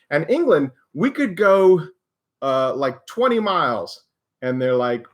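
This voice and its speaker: A man's voice: fairly high pitch, very animated, normal speed. An American man hosting a live stream, answering viewer questions in a chatty, self-deprecating way and laughing often. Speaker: maker and live stream host.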